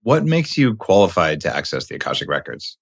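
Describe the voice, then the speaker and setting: Man, podcast host, curious questioning, lively intonation. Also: low-pitched, a little fast, creaky. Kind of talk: interview questions.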